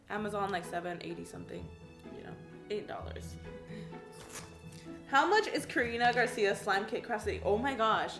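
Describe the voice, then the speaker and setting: This California woman in her twenties, a YouTube crafts creator, has a fairly high, fairly bright voice in a reverberant space. She reads questions aloud and chats casually with bubbly energy, peppering her speech with "like" and laughing at her own replies.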